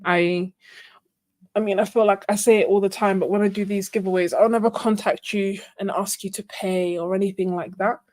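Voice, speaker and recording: A woman's voice: mid-range voice, steady tone, moderate pace, darkish tone, dry recording, studio quality. A woman hosting a casual art livestream, chatting, laughing often and thinking aloud. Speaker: art channel host.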